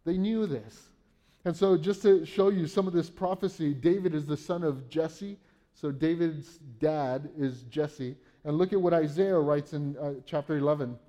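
Reading Bible verses aloud and then putting them in his own words, a man delivers a conversational sermon, regularly asking "right?". His voice is fairly high and warm, at normal speed.

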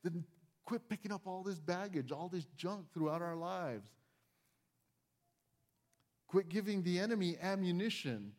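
A man's voice: sits high, lively intonation, unhurried, pauses often, a little mellow. A man preaching a conversational sermon as pastor, acting out small scenes and addressing his congregation directly. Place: church.

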